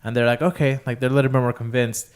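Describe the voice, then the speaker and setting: A man talking casually on a podcast with friends. His voice is smooth and resonant, at an ordinary middle pitch. He speaks loosely and with energy, and he swears freely. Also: rapid-fire. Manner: loose and animated, acts out quotes, swears freely. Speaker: podcast co-host. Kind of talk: casual recap chat.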